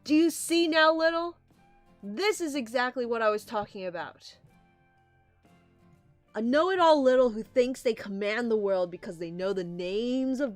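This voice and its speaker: A woman voicing a furious mother rabbit who shrieks high and frantic about her daughter. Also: dry recording, natural voice.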